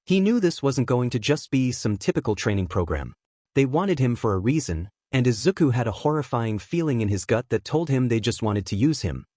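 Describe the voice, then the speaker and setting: A man narrating a fan fiction story, steady and expressive. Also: medium pitch, a little fast, dry recording, clean studio sound. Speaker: fanfic narrator. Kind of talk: story reading.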